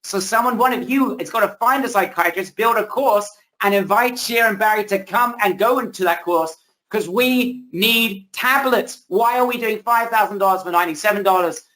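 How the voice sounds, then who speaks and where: A man hosting a live webinar, pitching energetically and repeating himself, losing his voice a little. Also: a little fast, a bit bright, low-quality recording. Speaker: webinar host. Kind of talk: hyped live sales pitch. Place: home, indoors.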